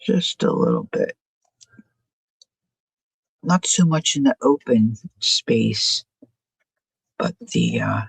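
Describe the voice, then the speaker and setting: A woman's voice: extremely low pitch, creaky, breathy edge, no room sound, low-quality recording. A woman hosting a craft live stream, chatting casually and musing aloud about her choices as she works, often asking her viewers what they think. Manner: chatty, muses aloud, asks viewers questions.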